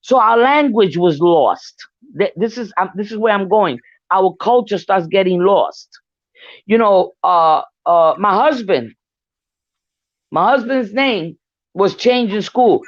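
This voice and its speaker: An older woman talks openly and bluntly, swearing freely as she tells stories. Her voice sits at an ordinary middle pitch. The sound is dry and a bit muffled, like a lo-fi recording. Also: lively intonation, takes it slowly, no room sound. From New York. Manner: frank storytelling, swears freely. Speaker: guest speaker. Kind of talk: casual discussion.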